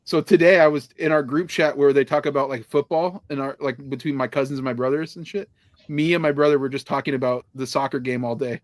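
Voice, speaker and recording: A man's voice: medium pitch, steady tone, fast talker, dry recording, clean studio sound. Rambling, laughing male podcast host. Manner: rambling, laughing storyteller who swears freely. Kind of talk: casual chat.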